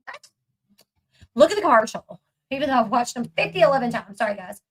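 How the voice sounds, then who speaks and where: A woman talks through a reality-show clip in a casual, chatty way. Her voice sits high, and she leans hard on her points with plenty of fillers. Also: very animated, quick pace, pauses often, slightly rough, poor audio. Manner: chatty, emphatic, fillers and asides. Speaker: commentary channel host. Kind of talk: casual reaction commentary.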